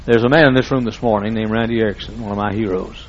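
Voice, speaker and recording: A man's voice: lowish voice, steady tone, fast, highs cut off, slight background noise. A man preaching a sermon as pastor, telling folksy stories with emphatic repetition.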